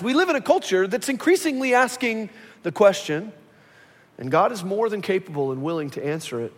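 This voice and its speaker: This is a pastor in mid-sermon, a man with a notably high voice who tells stories with animation. He jumps between a plain speaking tone and acted quotations of the people in his stories. The sound carries a long, lingering reverb, as from a large church sanctuary. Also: a little fast. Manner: animated storytelling, acts out quoted voices.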